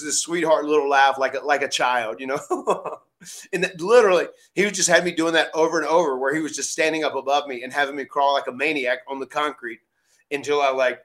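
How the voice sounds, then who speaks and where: A man who hosts a podcast, telling a story in a casual, animated way, acting out what other people said and often restarting his sentences. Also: fairly high pitch. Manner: animated, acts out quoted voices, frequent restarts. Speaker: podcast host, former wrestler.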